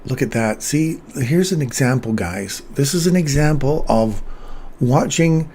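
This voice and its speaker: A man's voice: mid-range voice, expressive, measured pace, a little mellow, a little hiss or hum. A man in his fifties who grew up in England and Canada, casually talking through chart moves and answering chat as host of a live trading stream. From England, raised in Canada. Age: 50s.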